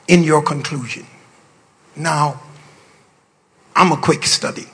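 An older man, a bishop, preaching a sermon to pastors with playful, boastful asides, drawling low and then bursting into shouts. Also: husky. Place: large hall. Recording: long reverb of a large hall.

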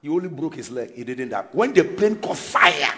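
A man preaching a sermon in an animated way, shouting and mocking people's voices. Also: fairly high pitch, normal speed.

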